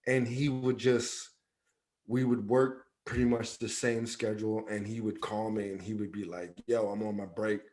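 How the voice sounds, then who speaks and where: A podcast co-host tells a personal story in casual chat, his lowish voice level, a little mellow and moderately paced. His speech is loose and conversational; he acts out the lines of the people involved and keeps repeating "yada, yada."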